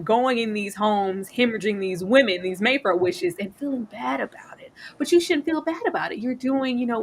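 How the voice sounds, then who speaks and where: A woman co-hosting a casual TV recap discussion, animated and laughing, jumping high in pitch when she quotes the characters. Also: slight background noise. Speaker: podcast co-host.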